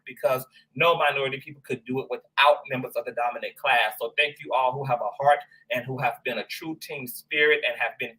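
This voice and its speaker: A man hosting a casual livestream, greeting viewers one by one with lively slang. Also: medium pitch, husky, poor audio. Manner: animated, shouting out viewers, slang-heavy. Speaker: livestream host.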